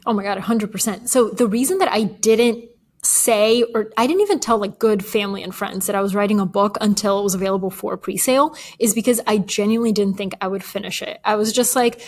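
A woman's voice: medium pitch, brisk. A woman in her thirties from a Bulgarian American background, a guest author chatting casually in an interview and often laughing. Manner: chatty, laughs often, quotes others in animated voices.

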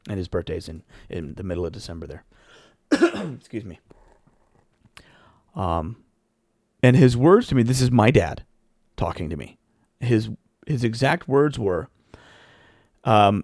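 A man casually telling a long personal story as a podcast host, rambling with frequent restarts and throat-clearing. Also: on the low side, sing-song, measured pace, long pauses, darkish tone, no room sound, studio quality.

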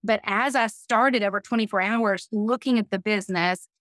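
A woman's voice: medium pitch, normal speed, a bit bright, no room sound. A middle-aged woman, a podcast guest, telling a personal story earnestly and with feeling, laughing now and then. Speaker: podcast guest, business leader.

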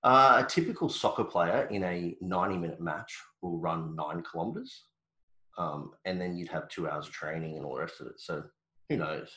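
A deep-voiced Australian man co-hosting a podcast in a relaxed, joking way, trailing off and restarting his sentences. His voice rings a little, as if the room has bare walls. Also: moderate pace, echoey room, rough recording. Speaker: podcast co-host. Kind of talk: casual chat.

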